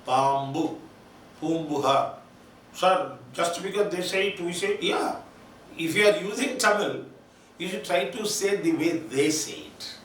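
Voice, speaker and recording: A man's voice: on the high side, a little slow, a bit bright, slight background noise. Echoey lecturing man with Telugu accent. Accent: Telugu-accented English. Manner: spells words out letter by letter, repeats key terms for emphasis; switches between English and Telugu mid-sentence. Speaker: linguistics lecturer. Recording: very echoey room, voice from far off.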